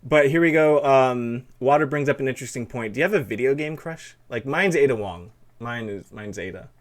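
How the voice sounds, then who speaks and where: A man's voice: medium pitch, a little fast. A man hosting a casual live-stream interview, flustered and laughing easily, often restarting his sentences.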